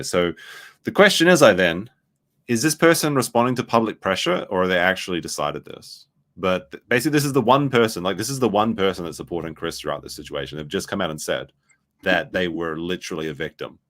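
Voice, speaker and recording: A man's voice: low-pitched, big pitch swings, fast, fairly bright tone. A man giving casual, rambling reaction commentary, full of fillers. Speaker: commentary streamer.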